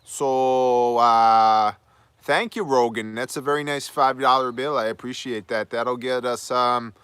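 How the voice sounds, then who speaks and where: Male stream host, jokey and rambling, smooth clear voice, dry close sound. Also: medium pitch, fairly even intonation, measured pace, a bit bright, no room sound. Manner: joking, rambling, reads out viewer names and tips; playfully puts on a folksy northern Midwest accent. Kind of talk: casual live-stream chat.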